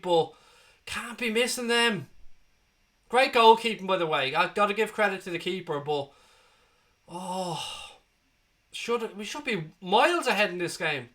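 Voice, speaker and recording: A man hosting a live football watchalong, calling the play and chatting with viewers, excitable and prone to swearing as he cheers. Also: high-pitched. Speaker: watchalong host. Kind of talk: live match commentary and chat. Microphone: desk microphone.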